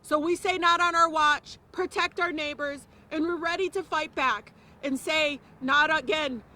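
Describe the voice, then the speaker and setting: A woman's voice: sits high, fairly even intonation, a little slow, sharp tone. A woman giving an impassioned press conference speech, emphatic and repeating phrases for stress. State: close to tears at times. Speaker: politician speaking at a press conference.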